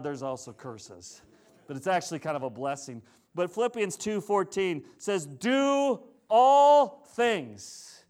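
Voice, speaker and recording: A middle-aged male pastor preaching a sermon in a conversational, joking, animated way. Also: high-pitched.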